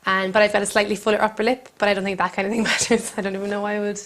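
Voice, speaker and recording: A woman comedian with a Cork accent hosting a comedy cooking show, telling rambling deadpan stories with giggles in between. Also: mid-range voice, racing. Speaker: comedian host. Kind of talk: deadpan comic monologue. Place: country kitchen.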